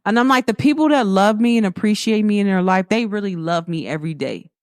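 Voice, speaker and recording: Talking fast in a mid-range voice, this young host delivers a laid-back spiritual pep talk full of lively storytelling. She voices the people she quotes and laughs frequently, captured in clean studio sound with no room echo.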